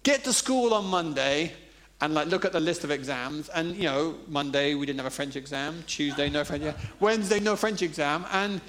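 A man's voice: on the high side, moderate pace, a bit bright. A man preaching a sermon, telling funny personal stories in a conversational way. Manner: conversational, humorous storytelling.

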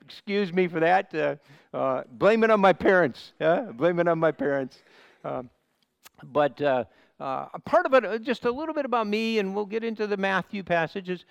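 A man with a nasal Midwestern American accent preaching a sermon as a visiting pastor, earnest and repetitive, often pausing with uhs and restarting his sentences. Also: high voice, expressive, vocal fry, clear, resonant tone, no echo, highs cut off. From Ohio, United States.

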